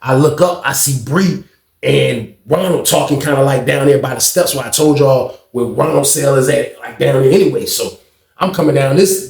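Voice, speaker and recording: A man's voice: medium pitch, gravelly, darkish tone, reverberant. A man in his thirties casually telling a story, full of slang and "like" and "man". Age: 30s.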